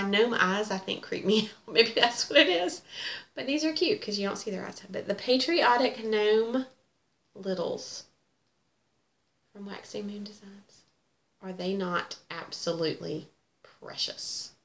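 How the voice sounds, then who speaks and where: A middle-aged woman with a medium-pitched, slightly bright voice chats casually as a cross-stitch vlogger, gushing about her hobby. The room is echoey with faint ambience.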